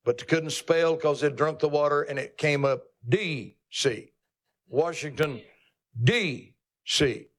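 In no hurry, a male pastor delivers his sermon with folksy, teasing emphasis, pushing his pitch higher whenever he wants to drive something home.

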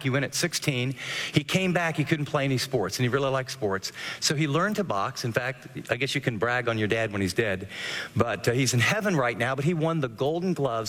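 Animated preaching man, long reverb. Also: on the high side. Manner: animated preaching with sudden rises and drops. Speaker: pastor. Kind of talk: radio sermon.

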